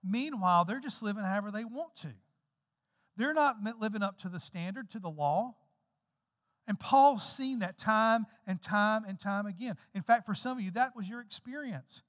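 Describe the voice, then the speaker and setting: A man's voice: high voice, expressive, moderate pace, fairly bright tone, long reverb tail. A man preaching a sermon as pastor, emphatic and conversational, with repeated phrases. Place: church sanctuary.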